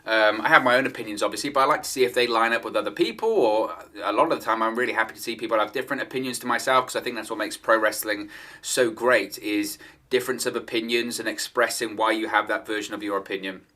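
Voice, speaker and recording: A man's voice: on the low side, fast talker, bright, forceful tone. A man giving solo opinion commentary on wrestling news, in a conversational manner and repeating his points for emphasis.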